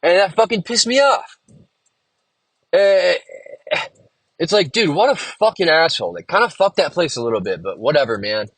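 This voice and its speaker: A man's voice: fairly high pitch, big pitch swings, moderate pace, long pauses, husky, dry recording. A man hosting a solo podcast, rambling casually and venting with a lot of swearing. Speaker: podcast host and musician.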